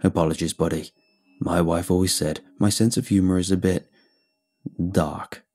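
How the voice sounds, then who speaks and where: A man voicing a gruff, dark-humored old male backwoods hermit who talks in a deadpan drawl. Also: deep voice, moderate pace, faint music behind, pitched below the performer's own voice. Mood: amused.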